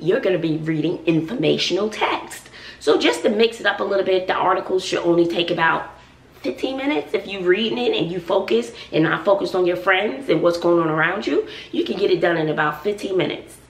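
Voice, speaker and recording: A woman's voice: fairly low pitch, lively intonation, fairly quick, recorded from a distance. A woman in her forties, a schoolteacher, chatting casually to viewers while cooking in her home kitchen, sassy and talkative. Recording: echoey room, voice off-mic.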